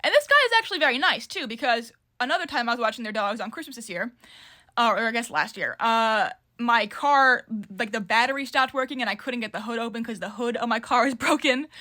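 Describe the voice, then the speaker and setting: Young woman vlogging a story, kinda high voice, rambly and chatty. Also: expressive, a little fast, pushed and bright. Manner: rambling, filler-heavy retelling. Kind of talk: casual storytime vlog.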